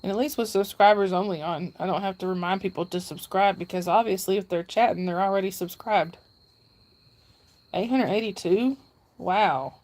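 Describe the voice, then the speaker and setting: A woman's voice: mid-range voice, normal speed, a little mellow. A middle-aged woman hosts a live stream in a casual chat. She reads out viewer comments, thanks people by name, and laughs often.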